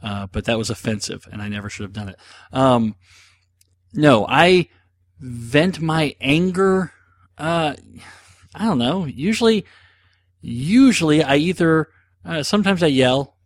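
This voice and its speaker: A man's voice: a little high, expressive, measured pace, pauses often, dry recording. A man hosting a casual solo show, answering listener questions in a rambling, self-deprecating, joking way, with lots of ums and uhs. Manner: rambling, self-deprecating, jokey, with many fillers.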